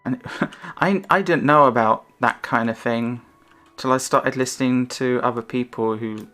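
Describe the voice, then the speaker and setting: A woman's voice: rumbling low, normal speed, fairly bright tone. A woman streamer chatting casually in a rambling, self-conscious way, her intonation rising and falling.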